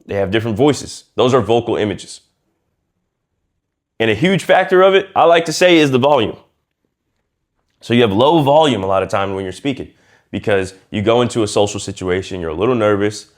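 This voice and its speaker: A man coaching viewers on speaking, casual and lively, acting out quiet and loud ways of talking and using slang as he goes. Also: lowish voice, a little fast, pauses often. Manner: lively and demonstrative, acts out quiet and loud speech. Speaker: communication coach. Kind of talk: casual instructional talk to camera.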